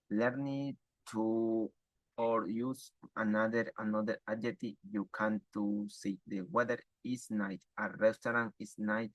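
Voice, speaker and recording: A man reading a text aloud for an exam, in a halting, stumbling way with restarts. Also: fairly low pitch, no echo, poor audio.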